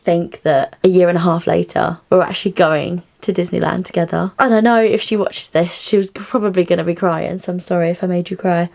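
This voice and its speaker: A young woman who works as cabin crew, chatting excitedly to camera in a casual vlog. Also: on the low side. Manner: bubbly and chatty, often squealing with excitement.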